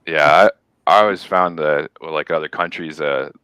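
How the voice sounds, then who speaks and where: A man from the American South with a very low, smooth and resonant voice, chatting casually. He stops and restarts his sentences. The sound is dry and close. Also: steady tone, normal speed, sharp tone, dry recording. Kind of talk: casual chat.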